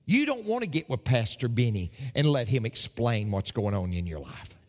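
A man's voice: mid-range voice, big pitch swings, moderate pace, long reverb tail. A man preaching a sermon as a pastor, speaking emphatically and repeating key phrases for weight.

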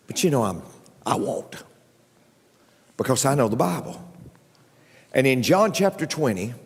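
A man preaching a sermon as pastor, joking with the congregation and jumping up in pitch for emphasis. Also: measured pace, gravelly, pauses often, breathy edge. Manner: animated preaching with jokes, voice leaping up in pitch. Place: church sanctuary. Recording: long reverb of a large hall.

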